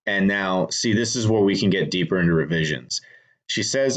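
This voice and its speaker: A man's voice: deep voice, moderate pace, fairly bright tone. A man explaining how he revises a screenplay in a casual, thinking-aloud way, with frequent restarts and fillers. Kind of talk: casual instructional talk.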